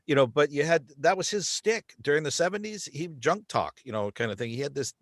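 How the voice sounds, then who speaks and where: Man from the US, animated talker, playful accents, dry close recording. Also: on the high side, a little fast, hardly any pauses, no echo. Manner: animated, laughs often, slips into playful accents. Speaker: podcast guest, voice actor. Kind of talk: casual chat. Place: lives in the UK.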